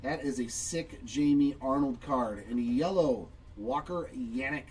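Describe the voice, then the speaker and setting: A man's voice: medium pitch, a little slow, far from the mic, slight background noise, rough recording. A man hosting a live trading card break, chatting upbeat and reacting to each pull while answering viewers.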